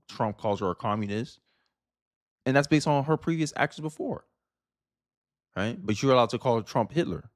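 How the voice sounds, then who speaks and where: A man talking straight to camera in a blunt, opinionated rant, pitched right in the middle for a man. The sound is dry and close, with no room around it. He reacts to clips in a loose, conversational way. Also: no room sound. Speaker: political commentator. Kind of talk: casual video commentary.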